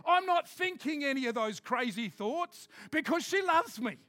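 A man preaching a sermon, emphatic, switching between quick asides and slow, loud declarations. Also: very high-pitched, lively intonation, dry recording, soft background music.

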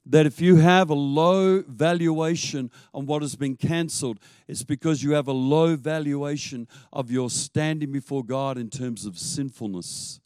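A man preaching a sermon as pastor. He tells stories in an animated way and laughs now and then. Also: on the high side, unhurried, few pauses, clear, resonant tone, dry recording.

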